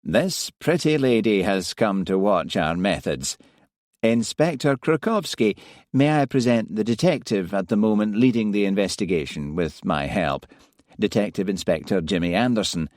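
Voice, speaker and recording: A man's voice: lowish voice, lively intonation, normal speed, a little mellow, dry recording, studio quality, lightly acted. A man voicing a pompous, genial police superintendent who talks in an avuncular, showy way.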